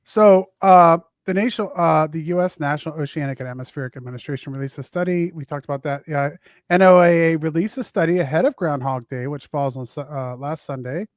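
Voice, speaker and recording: A man with a Southern US accent hosting a podcast, reading news stories aloud in a halting way with many filler sounds. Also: fairly high pitch, no echo, clean studio sound. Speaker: podcast host.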